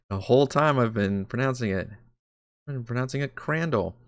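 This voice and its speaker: A man's voice: medium pitch, expressive, unhurried, no echo, clean studio sound. A man preparing his tabletop game on a live stream, talking casually, rambling and correcting himself. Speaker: dungeon master.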